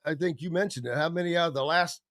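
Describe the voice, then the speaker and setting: A man's voice: on the high side, fast talker, a crowd in the background. A man hosting a sports radio show, chatting casually and animatedly and slipping into voices and impressions. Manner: animated, does voices and impressions while talking.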